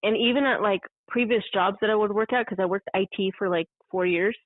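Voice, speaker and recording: A woman's voice: medium pitch, a little fast, no echo. Woman on a tinny phone line. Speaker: guest caller. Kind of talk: casual chat.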